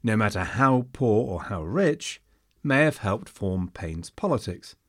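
A man's voice: fairly low pitch, expressive, a little slow, no room sound, clean studio sound. A man narrating a history episode from a script, dropping in wry, jokey asides.

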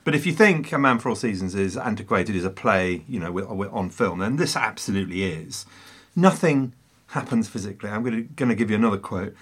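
A man's voice: lowish voice, animated, fairly quick, husky. A man co-hosting a casual film discussion, theatrical and emphatic, with a teasing way of arguing his point. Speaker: podcast co-host.

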